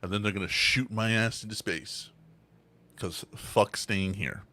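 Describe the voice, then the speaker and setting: A man's voice: on the low side, fairly even intonation, measured pace, pushed and bright. A man co-hosting a podcast, telling stories in casual, profane chat and laughing often.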